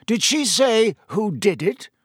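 A man voicing a calm, grave elderly headmaster with a measured way of speaking in a storybook reading. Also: high voice, breathy edge, dry recording, studio quality, pitched above the performer's own voice, heavily acted.

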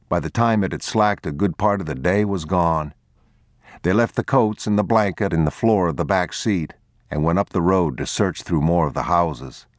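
Deep-voiced man reading a novel. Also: no room sound, clean studio sound. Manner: measured, grave reading. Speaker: narrator. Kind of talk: audiobook narration.

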